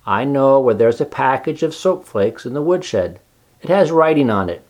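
A man's voice: mid-range voice, lively intonation, moderate pace, darkish tone, lightly acted. A man voicing a grumpy, greedy barn rat who grumbles and answers back sarcastically.

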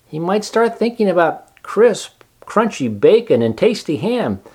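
A man's voice: high-pitched, big pitch swings, unhurried, husky, voice pushed up, full character voice. A man doing Charlotte, a kind wise spider. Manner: gentle but firm, coaxing.

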